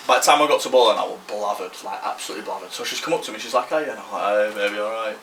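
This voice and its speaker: A man's voice: lowish voice, animated, very fast, fairly bright tone, reverberant, distant mic, slight background noise. A man, telling a rambling story on a podcast, slangy and swearing freely. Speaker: podcast co-host. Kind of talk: casual storytelling.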